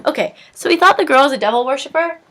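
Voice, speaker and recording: A woman's voice: high voice, animated, quick pace, pushed and bright. A young woman telling stories casually to camera in her dorm room, chatty and full of "like", acting out quotes. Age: young adult. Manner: chatty, lots of "like", acts out quotes. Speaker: vlogger.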